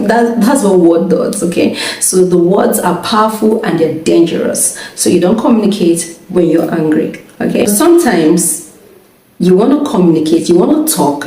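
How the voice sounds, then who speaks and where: A woman's voice: on the low side, mellow. Woman talking in an echoey room. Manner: chatty, checks in often with the listener, laughs between points. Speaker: vlogger giving marriage advice. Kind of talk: casual advice talk. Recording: echoey room, mic at a distance.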